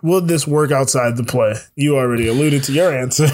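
A man's voice: medium pitch, brisk, darkish tone, a little hiss or hum. A man co-hosting a casual podcast chat, with a slight natural slur, laughing often and restarting his sentences as he rambles. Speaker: podcast co-host. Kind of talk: casual chat about a musical.

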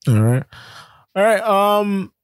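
A man hosting a casual sports podcast, chatting about the playoffs with quick asides and frequent ums. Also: high-pitched, very animated, smooth, no echo.

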